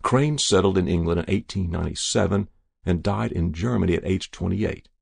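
Deep gravelly male narrator. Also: brisk, no echo, clean studio sound. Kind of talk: scripted narration of a short story.

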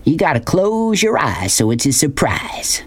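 A man voicing a boastful, rough-talking grown man who hollers and brags in an audiobook. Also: on the high side, animated, slow, voice pushed up. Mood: teasing. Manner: loud hollering bragging. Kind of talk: audiobook character voice.

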